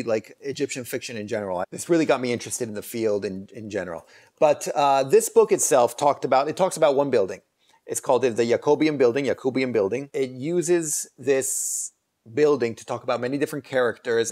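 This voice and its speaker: A man's voice: medium pitch, darkish tone. A man hosting a casual book review video, talking in a rambling, hesitant way with many fillers and restarts. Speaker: channel host reviewing books.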